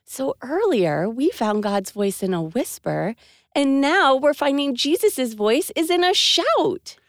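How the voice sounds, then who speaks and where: A woman co-hosting a kids' faith show, bright and encouraging in cheerful scripted chat. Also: high-pitched, big pitch swings, takes it slowly, no echo, clean studio sound.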